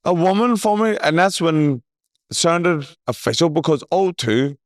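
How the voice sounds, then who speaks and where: A man's voice: a little high, animated, moderate pace, no echo, clean studio sound. A man hosting a podcast in casual chat, telling stories animatedly, swearing freely and laughing often. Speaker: podcast host.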